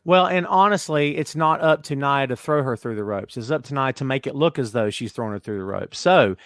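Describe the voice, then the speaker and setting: Blunt, animated Southern-raised man. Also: mid-range voice, fairly quick, dry recording. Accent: Southern US, softened. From North Carolina, US. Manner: animated, self-interrupting, blunt opinions. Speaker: podcast host. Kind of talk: casual wrestling chat.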